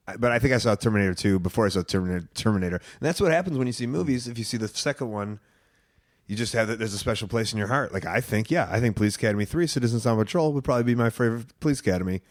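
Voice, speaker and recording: A man's voice: on the low side, animated, racing. Chatty male podcast host, laughing often. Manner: laughs often, loose rambling restarts. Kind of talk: casual podcast chat.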